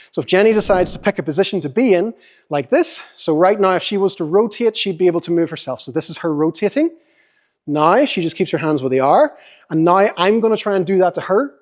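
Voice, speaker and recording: A young Northern Irish man running a fitness seminar, cheerful and joking as he talks a volunteer through each exercise. His voice sits a little high for a man. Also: darkish tone. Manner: upbeat, joking, coaching a volunteer. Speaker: fitness coach. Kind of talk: seminar demonstration.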